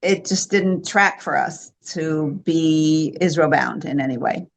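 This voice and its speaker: An older American woman, the host's mother, reflecting in a relaxed interview and laughing easily. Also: low-pitched, slow pace, creaky, slight background noise. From United States. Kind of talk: casual conversational interview.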